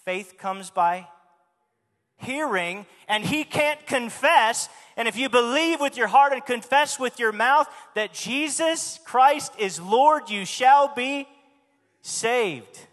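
A man's voice: very high-pitched, expressive, takes it slowly, a bit bright. A man preaching a sermon in a church, speaking emphatically and asking the congregation questions. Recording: long hall reverb.

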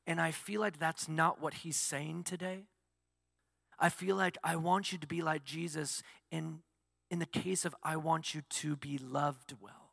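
A man's voice: a little high, steady tone, measured pace, vocal fry, a bit bright, no echo, clean studio sound, big-room sound. A male pastor preaching a sermon, asking the congregation questions and answering them himself.

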